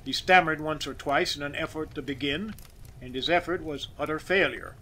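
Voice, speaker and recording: A male audiobook reader tells a classic story with expressive, measured storytelling. His voice is bright and sits a little high, with a sharp edge. Faint noise hums underneath. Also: rough recording. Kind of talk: scripted narration of a classic story.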